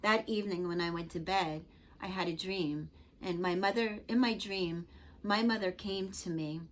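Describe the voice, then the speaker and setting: Earnest lower-voiced woman telling stories. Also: normal speed. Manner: earnest, gentle, chatty with frequent "you know". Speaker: Reiki master and spiritual teacher. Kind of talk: personal storytelling to camera.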